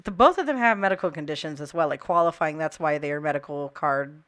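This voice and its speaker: A young woman from the Midwest, speaking as an interview guest in a passionate, halting way with many fillers. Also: low-pitched, lively intonation, a bit bright. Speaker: interview guest, cannabis and labor advocate. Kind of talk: casual conversational interview.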